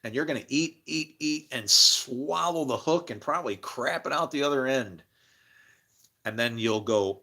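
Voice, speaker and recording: A man on a livestream, preaching in a rambling religious monologue, swinging from murmurs to loud bursts and laughing between phrases. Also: medium pitch, animated, moderate pace, slightly rough.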